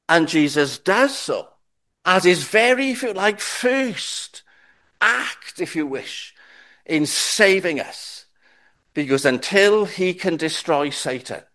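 A middle-aged man preaching a sermon to his congregation, slow and deliberate, asking rhetorical questions. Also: high voice, a bit bright. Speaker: pastor.

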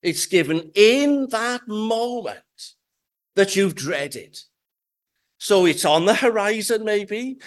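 Male preacher, high voice, unhurried, measured sermon delivery with careful emphasis. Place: church with pews.

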